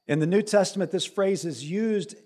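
A man's voice: sits high, moderate pace, a little mellow. A man preaching a sermon as pastor, reading scripture aloud and building to emphatic, raised passages.

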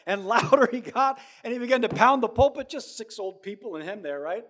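High-voiced man preaching with dramatic swings. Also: lively intonation, brisk. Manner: swings from hushed storytelling to loud emphatic preaching. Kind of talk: sermon.

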